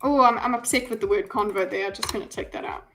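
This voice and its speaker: Here a woman talks fast in a fairly bright, mid-range voice, keeping up casual live-stream chatter with her viewers. She rambles, fills gaps with ums and keeps starting over, with soft music faintly audible.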